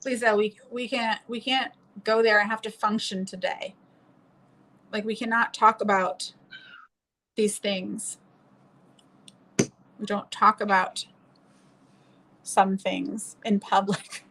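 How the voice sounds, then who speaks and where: A woman's voice: medium pitch, fairly even intonation, slow, long pauses, background noise. A young woman from New Orleans chatting casually and laughing while she does her makeup on a stream. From New Orleans, USA.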